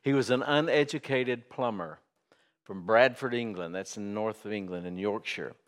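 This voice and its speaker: A man's voice: lowish voice, moderate pace. A middle-aged or older man preaching a sermon as a pastor, folksy and conversational with humor and fillers. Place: church sanctuary. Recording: long hall reverb.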